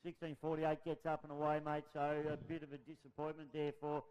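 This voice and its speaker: Smooth-voiced man calling a race. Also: fairly high pitch, a little fast, dull audio. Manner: energetic play-by-play calls. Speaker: race commentator. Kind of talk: live race commentary.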